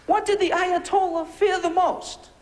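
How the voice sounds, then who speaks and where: A man's voice: very high-pitched, fairly even intonation, unhurried, heavy background noise. A man doing a biting, sarcastic stand-up routine, firing off punchy rhetorical questions before a laughing audience. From United States. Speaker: stand-up comedian. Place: comedy club stage before a laughing audience.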